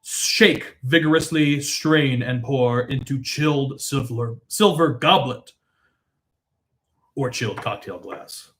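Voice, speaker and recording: A man putting on a slow, deep, booming announcer voice to read out a cocktail recipe. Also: a bit bright. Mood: solemn. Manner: slow, low, measured recipe reading.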